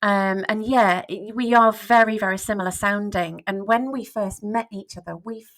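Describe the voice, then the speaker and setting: A woman's voice: medium pitch, fairly even intonation, normal speed, a bit bright. A woman with a northern English accent, chatting casually as a podcast guest about her writing, with frequent restarts. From northern England. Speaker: crime novelist, podcast guest. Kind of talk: casual chat.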